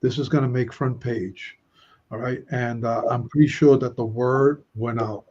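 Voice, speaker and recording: A man's voice: medium pitch, steady tone, a little slow, a little mellow, dull audio. A man hosting a Bible study discussion, chatty, reading verses aloud and putting questions to his listeners.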